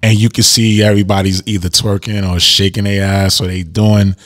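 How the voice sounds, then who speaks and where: A man's voice: on the low side, little pitch movement, a little fast. A man co-hosting a casual podcast, laid-back, mostly giving short agreeing replies. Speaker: podcast co-host. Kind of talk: casual chat.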